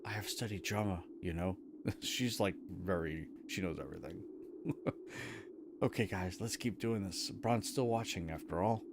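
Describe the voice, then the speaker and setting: A man's voice: low-pitched, normal speed, background noise. A man streaming a game, chatting casually with laid-back, chuckling asides over game music.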